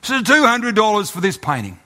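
A man voicing a brisk, insistent male auctioneer who presses the room for bids with raised calls. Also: sits high, sing-song, sharp tone, pitched above the performer's own voice, heavily acted.

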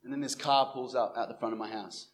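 A young Christian evangelist talks fast in a mid-range voice, with slight background noise present. Animated as he tells his personal faith testimony, he acts out the dialogue he quotes.

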